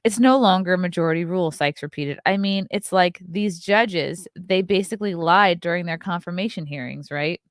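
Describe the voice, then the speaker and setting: A woman's voice: fairly low pitch, normal speed, hardly any pauses, dry recording, clean studio sound. A woman hosting her own show, reading news stories aloud and breaking off for sarcastic, profane, scornful asides. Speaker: host.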